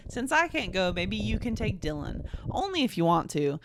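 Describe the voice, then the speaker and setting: A woman voicing a gentle, teasing mother speaking softly to her teenage daughter. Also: medium pitch, sing-song, moderate pace, background noise.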